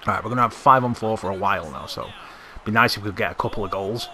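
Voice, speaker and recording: A young man commentating live on his own gameplay, excitable, swearing and yelling at the game. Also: fairly low pitch, very fast. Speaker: gaming commentator.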